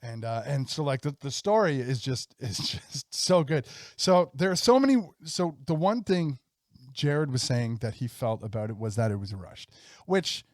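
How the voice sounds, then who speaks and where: A man's voice: mid-range voice, big pitch swings, moderate pace, no echo, studio quality. A man in his thirties co-hosting a podcast, talking eagerly and rambling with restarts. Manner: enthusiastic, rambling with restarts and laughs. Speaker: podcast co-host. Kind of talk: casual chat.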